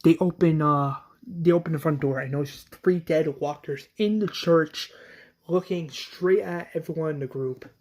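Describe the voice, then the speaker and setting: A man casually recapping a story in a halting way, often repeating words. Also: a little high, darkish tone. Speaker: episode recapper.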